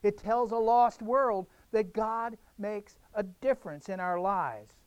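A man's voice: high-pitched, slow, clear, resonant tone, no room sound. A man preaching a sermon, emphatic and direct, repeating phrases for effect. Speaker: pastor.

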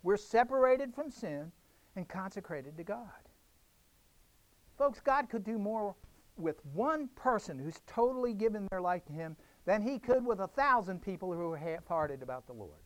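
A man's voice: high voice, big pitch swings, moderate pace, dry recording. A man preaching a sermon, emphatic and direct, repeating phrases for effect. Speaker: pastor.

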